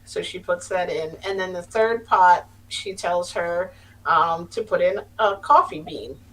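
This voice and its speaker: A woman's voice: fairly low pitch, a little slow, fairly bright tone. A middle-aged woman telling a story as a podcast guest, earnest and rambling, often restarting her sentences. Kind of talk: casual storytelling. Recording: distant mic with faint hum.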